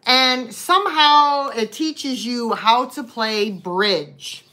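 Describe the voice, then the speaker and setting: A woman's voice: on the high side, very slow, bright, forceful tone. A woman hosting a live online vintage sale, chatting and greeting viewers by name as she shows each item. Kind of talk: live-stream sale chat.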